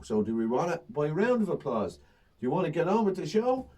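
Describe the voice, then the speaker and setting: Comic, animated storyteller, husky voice, mic set back from him. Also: male voice, a little high, fairly quick, distant mic. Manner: animated storytelling, acts out crowd banter. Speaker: stand-up comedian. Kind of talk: casual chat.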